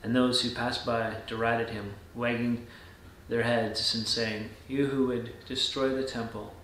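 A pastor reading a scripture passage aloud and then reflecting on it in a measured devotional talk, often dropping to a soft, low voice. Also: male voice, flat delivery, reverberant, a little hiss or hum.

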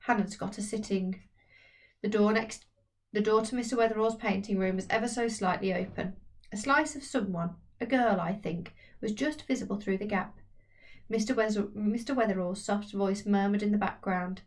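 A woman narrating a children's novel aloud in a steady, lightly expressive reading voice. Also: mid-range voice, normal speed, distant mic. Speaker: audiobook reader. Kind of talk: storybook narration.

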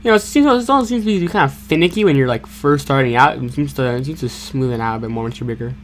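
A young man hosting a gaming channel, giving excitable, jokey play-by-play commentary with stammered repeats and sudden yelps. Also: medium pitch, quick pace, a little hiss or hum. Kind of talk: casual gameplay commentary.

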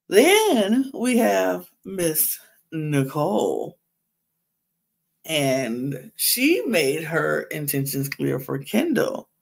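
Slow gravelly gossiping woman. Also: on the low side. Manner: gossipy, chatty, laughs often, repeats herself. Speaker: podcast host. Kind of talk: casual reality show recap.

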